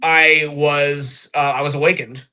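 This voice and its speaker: A man's voice: on the high side, flat delivery, measured pace, bright, forceful tone, smooth. A man, a psychic medium, telling his story in a rambling, enthusiastic way on a video call. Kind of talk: casual interview over video call.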